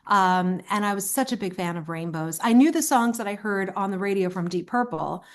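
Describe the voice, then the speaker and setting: A woman in her fifties from Long Island, a singer telling her life story in a relaxed interview, with frequent ums and uhs. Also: medium pitch, moderate pace. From Long Island, New York. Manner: warm, reflective storyteller with frequent fillers. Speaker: singer and songwriter, interview guest.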